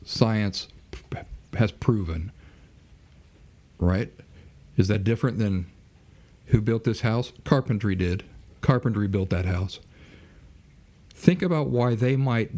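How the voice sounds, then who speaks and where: A man's voice: medium pitch, a little mellow. A man hosting a podcast, lecturing in a monologue full of rhetorical questions and acted-out mock exchanges. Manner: asks rhetorical questions and acts out mock dialogue. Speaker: podcast host.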